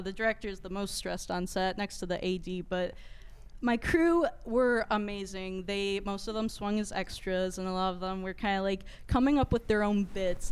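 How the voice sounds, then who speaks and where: Young female director guest with a smooth, clear voice. She talks in a bubbly, giggly way, with lots of "like" and "you know". Her tone is casual and chatty. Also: medium pitch. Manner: giggly, bubbly, filler-heavy. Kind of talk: casual interview chat.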